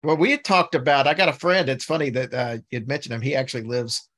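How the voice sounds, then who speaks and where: A man hosting a casual podcast interview, relaxed and chatty. He rambles a bit as he sets up his questions, in an ordinary mid-pitched voice. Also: quick pace. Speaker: podcast host.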